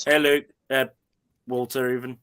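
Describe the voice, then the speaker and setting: A man chatting in an excitable, jokey way on a call. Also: medium pitch, normal speed, clear, resonant tone, no echo. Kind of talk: casual chat on a call.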